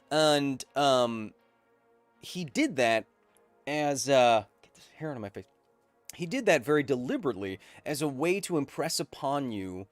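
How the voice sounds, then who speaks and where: A man's voice: medium pitch, dry recording. Playful man hosting a science stream. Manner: playful, jokey, rambling asides. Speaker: host. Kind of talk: live-streamed science chat.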